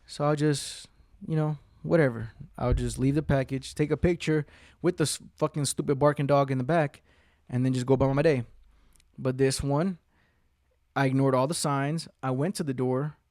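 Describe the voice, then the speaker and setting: A man's voice: mid-range voice, steady tone, moderate pace, a little mellow, no room sound, clean studio sound. Profane rambling man telling a story. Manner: rambling and heavily profane, acting out quotes. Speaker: podcast host. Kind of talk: casual storytelling monologue.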